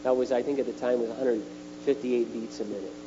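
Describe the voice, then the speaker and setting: Emphatic male preacher, lo-fi with hum. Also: quick pace. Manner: animated and emphatic, pitch jumping on key words. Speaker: speaker at a retreat. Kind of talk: sermon. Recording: dull lo-fi recording with faint mains hum.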